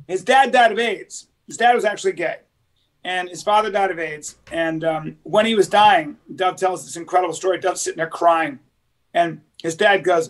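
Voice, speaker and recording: Man, high voice, casual podcast chat, rambling storyteller, quotes people in character. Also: normal speed, a bit bright. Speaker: podcast host.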